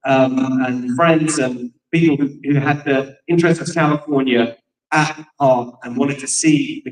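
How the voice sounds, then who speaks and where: A man with an English accent, talking on stage at a political event with chatty, self-deprecating asides. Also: on the high side. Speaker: political speaker. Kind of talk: panel talk on stage. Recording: echoey room from far off.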